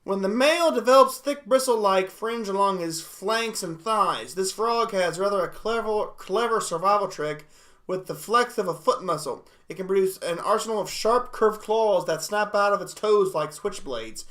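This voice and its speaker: Excitable high-voiced man. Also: normal speed. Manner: excitable, exclamatory, laughs often. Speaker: livestream host. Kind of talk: casual reaction livestream.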